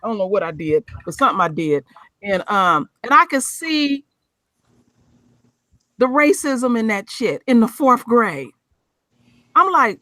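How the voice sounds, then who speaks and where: A woman's voice: on the high side, sing-song, measured pace, pauses often, pushed and bright, dry recording. A woman hosting a casual chat, talking bluntly and emphatically with plenty of swearing.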